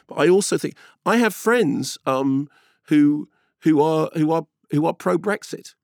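Gravelly middle-aged man, loud and emphatic. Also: on the high side, unhurried, no room sound, studio quality. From England. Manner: animated, emphatic storyteller who talks loudly. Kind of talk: casual chat.

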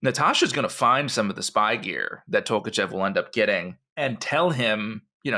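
A man co-hosting a history podcast, telling the story in an animated, conversational way with frequent asides. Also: on the low side, normal speed, hardly any pauses. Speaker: podcast co-host.

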